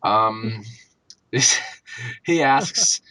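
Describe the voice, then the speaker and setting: A man's voice: lowish voice, expressive, very slow, no echo. A man co-hosting a gaming podcast, chatting loosely with lots of fillers and swearing. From Pennsylvania. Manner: loose, filler-heavy, swearing, bursts into loud mock shouting. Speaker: podcast co-host. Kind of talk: casual chat.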